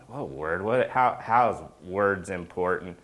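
A man's voice: sits low, animated, slow pace, a bit bright. A middle-aged man giving a casual, joking sermon as a pastor, often checking in with the congregation by asking "right?".

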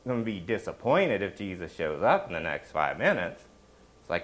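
Animated male pastor preaching conversationally. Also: low voice, normal speed. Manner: animated, asks the congregation questions, often adds "right?". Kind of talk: conversational sermon.

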